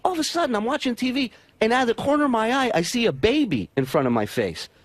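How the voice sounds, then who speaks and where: A man's voice: very high voice, big pitch swings, quick pace, dry recording. A man telling an exasperated, profane story as a guest on a radio talk show.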